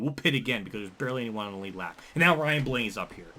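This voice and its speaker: A man giving frustrated, swearing commentary over a racing game, breaking into angry yells and running out of breath. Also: fairly low pitch, lively intonation, very fast. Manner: frustrated, swearing, yelling in bursts.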